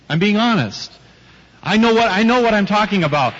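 A man's voice: high-pitched, expressive, normal speed, a bit bright. A man preaching a sermon before a live audience, telling personal stories with emphatic rhetorical questions and light teasing. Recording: dull audio with long hall reverb.

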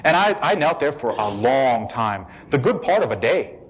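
A man giving an emotional personal testimony, shifting between hushed, slow passages and excited bursts. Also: medium pitch, slightly rough, poor audio.

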